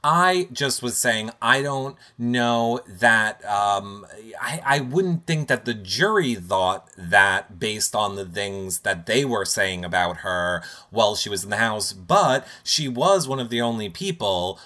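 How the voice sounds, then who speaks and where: A male host with an animated, lively pitch and a bright, crisp tone runs a casual live Q&A. He reads out viewer questions and backs his guest with short replies. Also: slow pace, few pauses. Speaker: show host.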